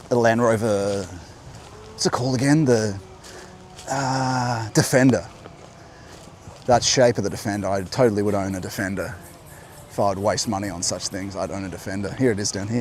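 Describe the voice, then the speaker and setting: A mid-range, darkish male voice comes through a clip-on mic with slight background noise. He's a host recording a walking vlog on an outdoor coastal path by a beach, musing aloud, rambling and frequently cutting himself off.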